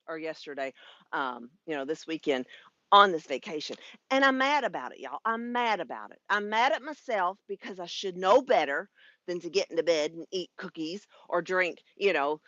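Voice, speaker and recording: A woman's voice: mid-range voice, a bit bright, no echo, lo-fi sound. A woman in her fifties, a spiritual life coach, talking frankly and casually on a live stream, swearing freely and laughing often. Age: 50s. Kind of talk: casual livestream monologue.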